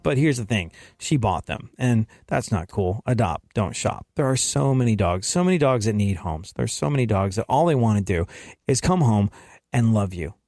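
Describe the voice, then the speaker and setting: A man hosting a talk show, giving an animated, sarcastic and preachy comedic monologue. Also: fairly low pitch, a little fast, no room sound, studio quality. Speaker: show host.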